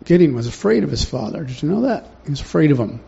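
A man's voice: fairly high pitch, very animated, fast, creaky, warm tone, husky. A man preaching a sermon in a conversational way, often putting questions to the congregation, in a dull lo-fi recording.

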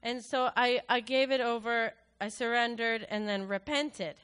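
A woman's voice: a little high, fairly even intonation, a little slow, a bit bright, clear, resonant tone. A woman giving a personal testimony to her church, talking in a conversational, earnest way and retelling scripture in her own words.

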